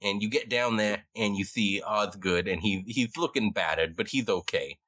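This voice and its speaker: Low-voiced man running a tabletop game. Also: moderate pace, sharp tone, no room sound. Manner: loose, joking narration. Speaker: game master.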